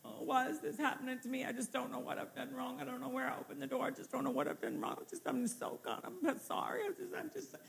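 A woman's voice: high-pitched, fairly even intonation, fast talker, vocal fry, few pauses. Woman putting on a whimpering self-pitying victim. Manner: whimpering, sighing, stammering. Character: self-pitying whiny believer, defeated and helpless.

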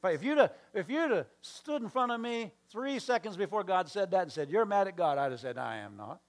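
A man's voice: high voice, lively intonation, brisk. A male pastor preaching a sermon, telling a story with acted-out dialogue and asides to the congregation.

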